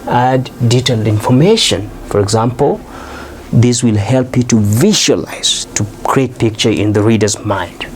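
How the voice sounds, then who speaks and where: A man teaching a recorded English lesson. He explains step by step, often pausing on "uh" and checking in with "okay?". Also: mid-range voice, a little hiss or hum.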